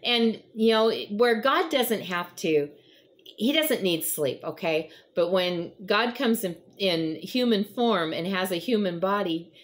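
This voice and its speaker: A woman's voice: medium pitch, animated, takes it slowly. Earnest woman hosting a devotional chat. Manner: conversational, rambling with frequent fillers; earnest, encouraging. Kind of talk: casual devotional talk.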